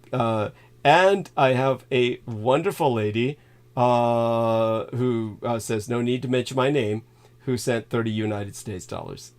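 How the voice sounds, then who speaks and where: A man hosts a loose livestream at an unhurried, dragging pace, his voice sitting at a middling pitch. He stumbles along with halting fillers, breaks into sudden laughs and drops the odd swear word. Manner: halting, filler-heavy, reads donor thanks aloud. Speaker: livestream host. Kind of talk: rambling livestream monologue.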